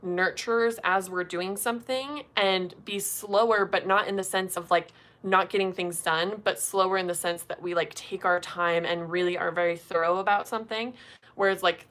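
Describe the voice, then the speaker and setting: Young woman, bright voice, chatty tarot reader, casual livestream talk, lots of fillers. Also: fairly low pitch. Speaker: tarot reader doing live card pulls.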